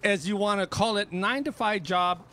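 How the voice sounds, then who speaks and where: A man's voice: high-pitched, normal speed. A middle-aged man chatting casually as a DJ guest, telling stories with lots of repeats and restarts. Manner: animated storyteller, repeats himself. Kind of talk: casual chat.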